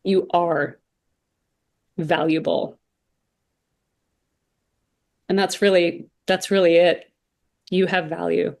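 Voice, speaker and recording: A woman's voice: on the low side, flat delivery, slow, creaky, darkish tone. A woman, a voice coach speaking as a podcast guest, earnest and emphatic, often repeating phrases. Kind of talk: interview conversation.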